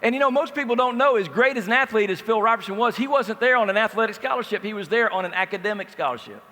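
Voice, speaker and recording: Male conference speaker, animated storyteller, high, bright voice, long hall reverb. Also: fast talker. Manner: lively storyteller acting out quoted dialogue. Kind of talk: motivational storytelling talk. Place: large indoor conference hall.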